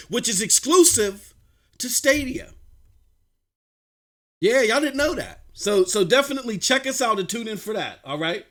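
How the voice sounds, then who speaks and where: High, bright-voiced excitable male streamer. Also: moderate pace. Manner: excitable, shouting bursts, mocking impressions. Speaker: livestream host. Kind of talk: animated live-stream gaming talk.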